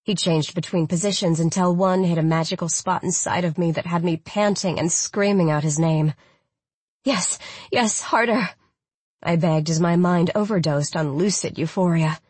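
Husky-voiced woman narrating an audiobook. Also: on the low side, steady tone, moderate pace, hardly any pauses, a little mellow, no room sound. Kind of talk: first-person audiobook narration.

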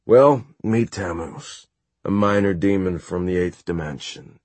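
A man's voice: deep voice, a little slow, darkish tone, no room sound. A man voicing a playful, flamboyant warlock with a light, teasing tone, in an audiobook reading. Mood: cheerful, teasing. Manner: light, teasing, turns commanding.

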